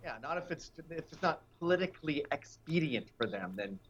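A man's voice: on the high side, big pitch swings, brisk, a crowd in the background. Brash, mocking man on a lo-fi line. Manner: brash, mocking, puts on silly voices. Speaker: guest. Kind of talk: casual political banter.

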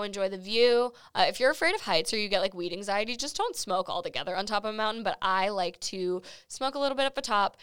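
Young woman rambling on her podcast, smooth clear voice, dry close mic, swears a lot. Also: mid-range voice, a bit bright, no room sound. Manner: chatty, profane, giggly. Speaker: podcast host. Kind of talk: casual chat. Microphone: studio microphone.

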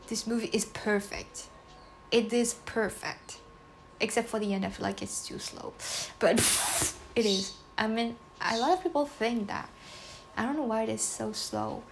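A woman chats alone on her podcast in a slightly high voice, speaking English as a second language. She rambles and giggles as she goes. A faint hiss sits under the recording. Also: moderate pace, gravelly. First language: not English. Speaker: podcast host. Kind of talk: casual solo podcast chat.

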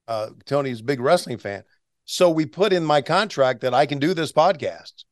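A man's voice: medium pitch, lively intonation, normal speed, dry recording, clean studio sound. A man in his sixties, a veteran announcer, chatting as a guest and telling stories with restarts and chuckles. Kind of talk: casual interview storytelling.

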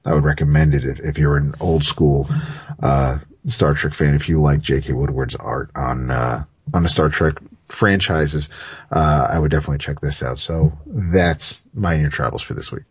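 A man's voice: rumbling low, steady tone, moderate pace, slightly rough, no room sound. A man co-hosting a comics podcast, chatting casually and hesitantly with many fillers and restarts. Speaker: podcast co-host.

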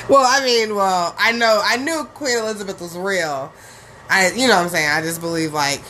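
A woman's voice: medium pitch, lively intonation, normal speed, fairly bright tone, slight background noise. A woman hosting her own podcast, talking in a casual, profane, rambling way with laughing asides. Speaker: podcast host. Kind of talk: casual solo podcast rant.

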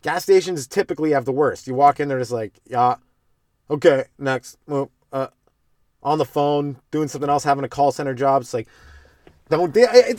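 A man rants through a stand-up riff on his own podcast, swearing freely and slipping into quick voices of the people he mocks. His voice sits a bit high for a man. The sound is dry and close, with no room echo. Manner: profane, rambling, acts out voices of strangers. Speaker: stand-up comedian and podcast host.

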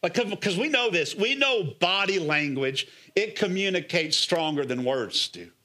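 High, bright-voiced man preaching with energy. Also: normal speed. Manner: energetic, coaxing preaching with repeated "come on" and rhetorical questions. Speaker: pastor. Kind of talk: sermon.

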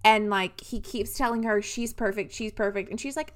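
A young woman co-hosting a casual book-club podcast who rants in an animated way and swears freely. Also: medium pitch, brisk. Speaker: podcast co-host.

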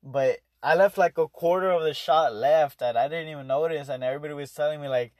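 A man's voice: fairly high pitch, quick pace, dry recording, studio quality. A young adult man telling a story in a rambling, casual way, swearing often and restarting his sentences. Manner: profane, rambling, full of fillers and restarts. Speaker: vlogger.

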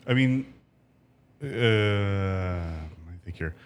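Relaxed low-voiced chef. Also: male voice, very slow. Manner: relaxed, rambling storyteller with fillers. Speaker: chef, guest. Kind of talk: casual podcast conversation.

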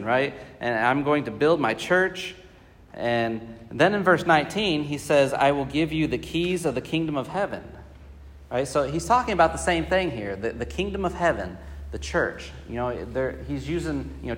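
A man teaching a Bible study class, talking conversationally with many fillers and putting questions to the group. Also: mid-range voice. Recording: reverberant hall.

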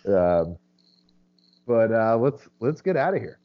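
A very deep-voiced man talks bluntly and swears in casual podcast chat. His voice comes through a dull, lo-fi call line. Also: sing-song, takes it slowly, dry recording. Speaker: podcast co-host.

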